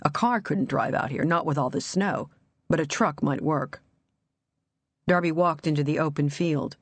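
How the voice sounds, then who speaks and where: Measured woman narrating an audiobook. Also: low-pitched, slightly rough, dry recording.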